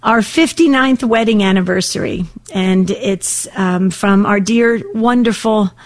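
Older woman, call-in radio host, warm and emotional, rambling with fillers, mid pitch. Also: unhurried.

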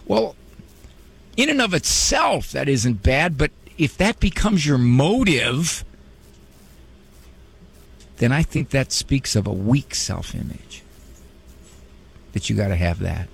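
Gravelly, animated radio host. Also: male voice, medium pitch, takes it slowly, long pauses. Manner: conversational, humorous, preachy. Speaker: radio talk show host and psychologist. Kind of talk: radio advice talk.

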